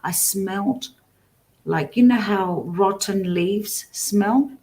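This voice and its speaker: A woman's voice: medium pitch, slow pace, mellow. A middle-aged woman, a guest psychic, telling a personal story in a casual interview, full of restarts and self-corrections. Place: remote guest, at home.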